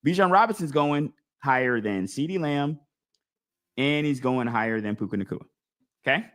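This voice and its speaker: Male host, casual live-stream chat, mid-pitched, animated, thinks aloud. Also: moderate pace. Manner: animated, talks through his choices out loud, acts out imagined crowd voices. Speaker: fantasy football league podcast host.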